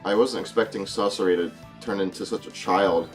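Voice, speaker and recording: A man's voice: deep voice, steady tone, brisk. A young man hosting a gaming channel, rambling and joking through let's-play commentary, self-deprecating. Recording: faint game music behind.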